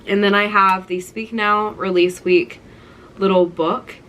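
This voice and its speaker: A woman's voice: mid-range voice, steady tone, a little slow, a bit bright, slight background noise, low-quality recording. A young woman in her twenties talking through a keepsake collection, gushing and nostalgic, with lots of "like". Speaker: vlogger. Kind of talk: casual show-and-tell vlog.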